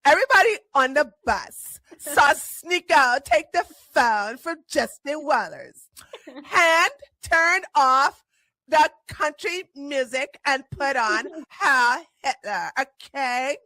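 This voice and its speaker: A woman's voice: high voice, expressive, takes it slowly, sharp tone, dry recording, full character voice, rough recording. A woman putting on a sarcastic Valley Girl voice, playing a woman tattling on someone. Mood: mocking.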